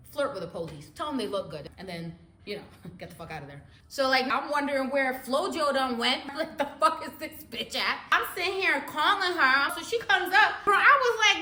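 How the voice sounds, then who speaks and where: A young woman telling a wild personal story in a storytime vlog, laughing often and swinging between hushed and loud. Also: sits high, big pitch swings, fairly quick, reverberant, slight background noise.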